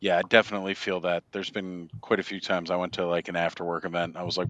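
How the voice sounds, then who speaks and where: A man's voice: deep voice, flat delivery, quick pace, a bit bright, no room sound. A man hosting a casual livestream chat over a video call, laid-back, laughing often and saying "like" a lot. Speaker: livestream host.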